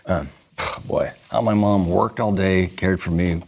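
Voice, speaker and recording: A man's voice: deep voice, steady tone, unhurried, a little mellow. A man who is a talk show guest, reading jokes and laughing at his own lines. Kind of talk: casual talk show banter.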